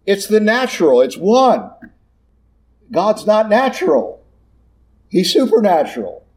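A man teaching Catholic doctrine in an animated sermon, asking rhetorical questions and repeating key words for emphasis. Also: sits high, a little slow, slightly rough.

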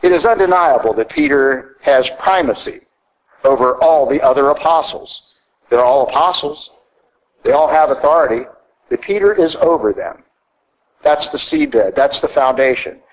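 A man's voice: medium pitch, sing-song, moderate pace, low-quality recording. A man with a Southern American accent preaching a sermon, emphatic and teacherly, often asking rhetorical questions.

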